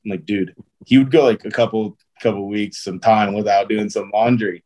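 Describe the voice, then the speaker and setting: A man's voice: fairly low pitch, steady tone, brisk, mellow. A man, a pro baseball player, telling stories as a guest in a casual interview, loose and chatty with lots of "um", "like" and "dude".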